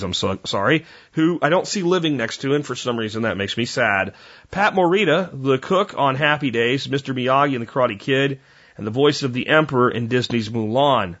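A man hosting a podcast, reading history notes and breaking off for sarcastic, deadpan asides and quick self-corrections. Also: mid-range voice, muffled recording. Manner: conversational, with small slips and corrections. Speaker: podcast host.

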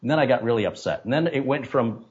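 A man, a tech streamer, recounting a story as an interview guest, in an animated and indignant way. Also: mid-range voice, quick pace. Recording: dull lo-fi audio.

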